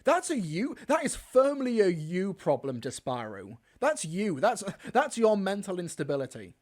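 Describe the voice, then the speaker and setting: A man's voice: sits high, huge pitch swings, normal speed, a little mellow. Sarcastic man hosting a reaction video. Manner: sarcastic, exasperated, talks back to clips. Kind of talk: casual reaction commentary.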